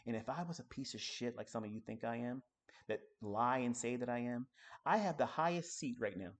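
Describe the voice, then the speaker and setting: A man teaching trading on a live stream, ranting in a profane, combative way, swinging between loud outbursts and low muttering. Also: fairly quick.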